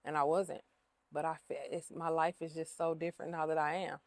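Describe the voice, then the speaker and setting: A woman's voice: low-pitched, little pitch movement, fairly quick, no room sound. A woman who owns a cleaning business, talking openly in a casual interview, emotional and repeating herself with lots of fillers. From Ohio.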